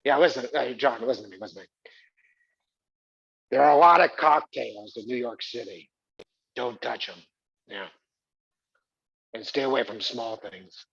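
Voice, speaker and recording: A man voicing his older father, who earnestly warns his grown son against drinking in a low, hushed voice. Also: moderate pace, gravelly, long pauses, breathy edge, no echo. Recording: dull live theater recording.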